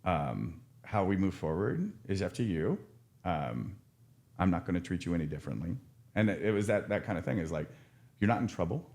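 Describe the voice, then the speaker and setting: Man, addiction counselor; deep voice, frank and earnest, lots of restarts. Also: animated, normal speed, creaky, a little mellow. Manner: earnest, frank, with many restarts and casual swearing. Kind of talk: casual podcast conversation.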